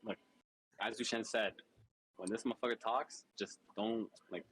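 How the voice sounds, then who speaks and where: A man's voice: fairly low pitch, fairly even intonation, normal speed, fairly bright tone, husky, rough recording. A young man co-hosting a podcast, brash and boastful in joking banter. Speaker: co-host. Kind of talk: casual banter.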